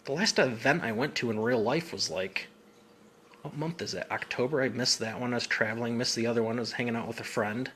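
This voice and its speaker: A man's voice: medium pitch, brisk, fairly bright tone, slight background noise. A man working as a business coach, answering viewer comments in a casual, upbeat live Q&A with informal slang.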